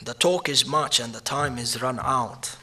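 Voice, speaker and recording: A man's voice: mid-range voice, measured pace, pushed and bright. A man giving a mournful sermon, mixing Arabic religious terms into his English and swelling into lamenting cries. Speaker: shaikh giving a Muharram lecture.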